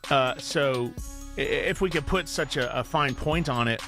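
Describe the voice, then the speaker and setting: A man's voice: mid-range voice, a little slow, a bit bright, faint music behind. Emphatic man giving motivational talk. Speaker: co-host. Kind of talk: casual radio talk, encouraging listeners. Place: radio studio.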